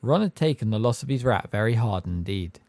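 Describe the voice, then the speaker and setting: A man narrating an audiobook in an expressive storybook style. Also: fairly low pitch, a little fast, no echo. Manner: expressive, varied delivery. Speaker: audiobook reader.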